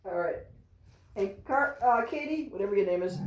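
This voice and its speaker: A woman's voice: mid-range voice, lively intonation, normal speed, reverberant, recorded from a distance, a little hiss or hum, low-quality recording. A woman chatting casually at home while giving cheerful commands to her three dogs. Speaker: therapy dog handler.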